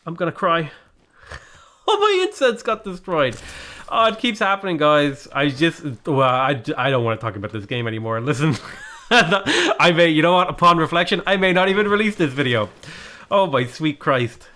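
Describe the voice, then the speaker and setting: A man talking through his strategy game in a loose, rambling way, full of exasperation and self-mockery. His voice sits somewhat high for a man and leaps around a great deal, rising sharply whenever something goes wrong. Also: very animated, normal speed, pushed and bright. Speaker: gaming video creator. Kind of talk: casual gameplay commentary.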